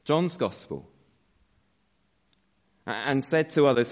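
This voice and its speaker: A man preaching a sermon as pastor, slow and measured, letting his phrase endings fall soft. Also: medium pitch, lively intonation. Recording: dull sound with long hall reverb.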